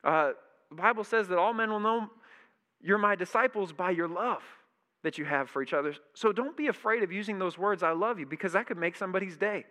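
A man preaching a sermon, animated and emphatic, repeating key phrases. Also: high-pitched, brisk. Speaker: pastor.

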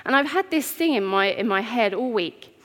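A woman giving an earnest, heartfelt sermon in a church, with pauses. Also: on the high side, lively intonation, fairly bright tone. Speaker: preacher. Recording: long reverb of a church hall.

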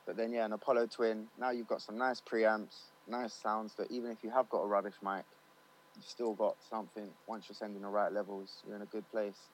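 A man's voice: on the low side, flat delivery, brisk, a little hiss or hum, low-quality recording. A man, a studio owner and recording engineer, talking loosely in an interview with lots of fillers and slang. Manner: loose and chatty, slangy, many fillers like "you know what I mean". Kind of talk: casual interview chat.

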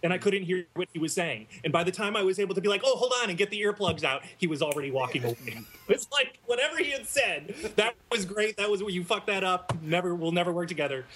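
A man, an actor guest, telling animated anecdotes in a casual interview, laughing as he goes. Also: high-pitched, quick pace, hardly any pauses. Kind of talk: casual storytelling.

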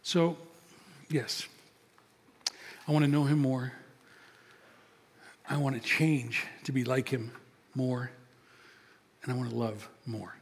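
A man's voice: mid-range voice, steady tone, slow, pauses often, slightly rough. An older man preaching a sermon as pastor, talking conversationally and acting out little scenes of dialogue. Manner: conversational, storytelling, acts out dialogue. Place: church sanctuary. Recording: long reverb of a large hall.

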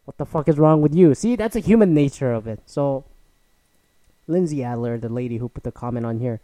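A man's voice: mid-range voice, expressive, fairly quick, mellow, no echo, rough recording. Profane rambling male podcast host. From immigrated to Canada. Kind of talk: casual solo podcast rant.

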